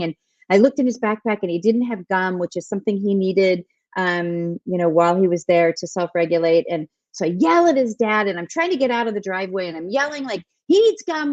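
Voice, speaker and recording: A woman's voice: medium pitch, no room sound. A woman who is a mother and guest author, telling stories animatedly in a conversational interview with emphatic repetition. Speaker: parent. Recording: dull lo-fi dry sound.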